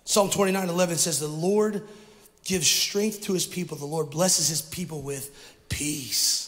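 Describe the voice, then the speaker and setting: A middle-aged male pastor delivering an energetic sermon and calling on the congregation to repeat words after him. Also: fairly high pitch, a little slow. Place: church sanctuary. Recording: long hall reverb from a church.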